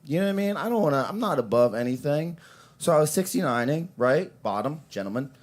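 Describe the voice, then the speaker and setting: A young man doing a stand-up set on a coffee shop stage mic, crude and rambling. His pitch swings up and down a lot, and he breaks into loud impressions of the people in his stories. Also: expressive, fast. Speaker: open mic comedian.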